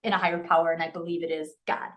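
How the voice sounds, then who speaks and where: A woman's voice: lowish voice, level tone, racing, a bit bright. A middle-aged woman telling a personal story in a casual interview, earnest and emotional, often restarting her sentences. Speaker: podcast guest.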